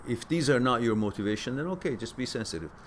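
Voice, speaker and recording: A man hosting a question-and-answer stream, giving casual spoken advice that turns animated as he stresses points and repeats words. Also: medium pitch, quick pace, slight background noise. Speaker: host answering viewer questions.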